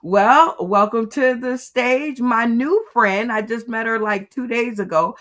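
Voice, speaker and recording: Bright, upbeat woman radio host. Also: on the high side, unhurried. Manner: upbeat, hyping up guests. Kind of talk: hosting a live comedy show.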